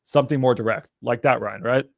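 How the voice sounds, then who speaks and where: A man's voice: mid-range voice, fairly quick, vocal fry, dry recording. A man hosting a casual chat, talking loosely to his listeners and swearing now and then. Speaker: podcast host.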